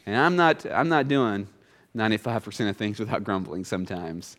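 A man preaching a sermon to his church, reading scripture and talking it through in a conversational way, often climbing higher and louder to drive a point home. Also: fairly quick. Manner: conversational preaching, often rises in pitch and volume for emphasis; reads scripture, then voices grumbling people in a higher tone. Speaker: pastor.

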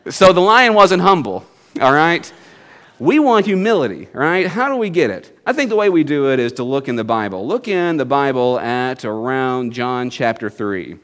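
A man's voice: mid-range voice, very animated, measured pace, a bit bright. A man preaching a sermon to his congregation in a folksy storytelling manner, with jokes and asides. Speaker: pastor.

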